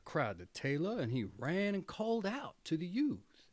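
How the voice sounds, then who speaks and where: A man reading a fairy tale aloud in an expressive, theatrical storytelling manner. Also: sits high, moderate pace, few pauses, dry recording.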